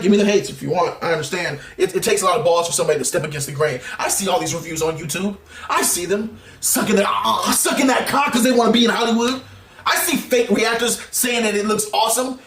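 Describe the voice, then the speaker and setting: A man giving a heated, exasperated movie review rant, laughing often and bursting into shouts. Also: sits high, roomy sound. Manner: animated, exasperated ranting with frequent laughs and sudden shouts.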